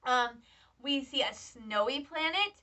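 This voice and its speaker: A young woman from Michigan, a student, chatting excitedly to camera in a casual reaction vlog. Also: high-pitched, a little slow. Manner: excitable, chatty fan talk. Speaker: vlogger, student. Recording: slightly distant, dull lo-fi sound.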